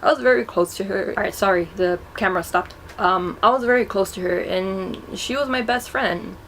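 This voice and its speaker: A young woman recounting a personal memory in a vlog, emotional and halting, often repeating and restarting her words. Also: mid-range voice, a little hiss or hum. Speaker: vlogger.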